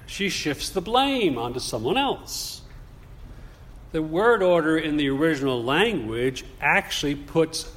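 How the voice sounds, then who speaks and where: A male preacher delivering a sermon at an unhurried pace. His voice sits somewhat high and carries a long echo from a large hall. He speaks deliberately, turning often to the congregation with questions. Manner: measured, slow and deliberate, with rhetorical questions to the congregation.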